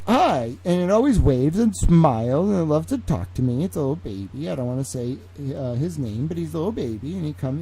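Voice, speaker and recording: A man streaming, talking in a rambling, profane, animated way as he tells stories. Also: on the high side. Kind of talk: casual livestream rant.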